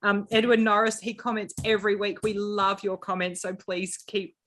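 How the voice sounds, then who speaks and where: A woman co-hosting a podcast in casual chat, reading out listener shout-outs and laughing between phrases. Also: medium pitch, flat delivery, moderate pace, a little hiss or hum. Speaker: podcast co-host.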